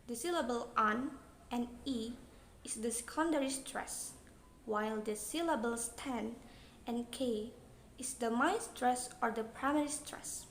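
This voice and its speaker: A woman's voice: on the high side, unhurried. Young Indonesian woman in an echoey room. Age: young adult. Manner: plain, read-aloud explaining. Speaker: student presenter. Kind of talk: reading an English pronunciation lesson. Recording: echoey room, faint noise.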